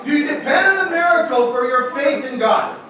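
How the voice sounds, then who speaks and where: A man preaching a sermon as pastor, lively and joking, with many restarts, in a church hall. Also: very high voice, a little fast, music in the background. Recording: echoey hall from far off with noise.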